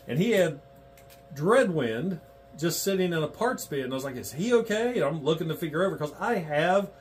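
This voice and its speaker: A man's voice: on the high side, lively intonation, fairly quick, slight background noise. A man in his fifties hosting a casual chat, jumping in with teasing remarks. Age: 50s. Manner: chatty, teasing co-host who jumps in. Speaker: host.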